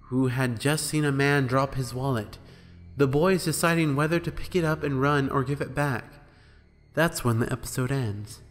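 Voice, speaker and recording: A man's voice: medium pitch, big-room sound. A man reading a creepypasta horror story aloud in a casual storytelling manner. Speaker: creepypasta narrator.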